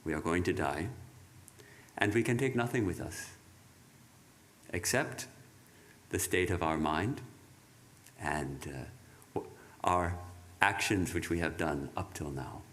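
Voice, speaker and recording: A man giving a reflective sermon, speaking in a measured way with halting restarts. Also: low voice, fairly bright tone. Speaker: monk giving a talk.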